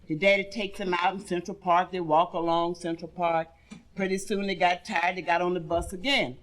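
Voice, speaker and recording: A woman's voice: on the low side, fairly even intonation, normal speed. A woman telling bawdy stand-up jokes in an earthy style, calling the audience honey. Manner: earthy, calls listeners honey. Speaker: stand-up comedian. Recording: live audience laughing along. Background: audience laughter and responses.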